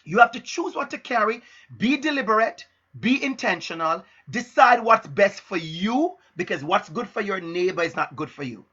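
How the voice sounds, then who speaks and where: A middle-aged man giving a live-streamed motivational talk as an educator, speaking deliberately and emphatically and repeating his key phrases. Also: high voice, animated, bright, forceful tone, breathy edge, muffled recording. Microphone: laptop and phone.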